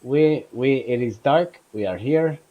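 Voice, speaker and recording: Man doing a wary Russian-accented woman, halting speech, slow drawl, tabletop role-play. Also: medium pitch, phone-quality sound, close to an everyday voice. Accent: put-on Russian. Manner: slow, halting, hesitant delivery. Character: cautious adult woman adventurer with a Russian accent.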